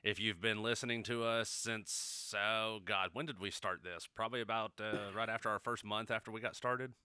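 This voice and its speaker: A man's voice: lowish voice, fairly even intonation, normal speed, sharp tone, clean tone, dry recording, clean studio sound. A man co-hosting a podcast in casual chat, joking and rambling, swearing freely. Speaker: podcast co-host.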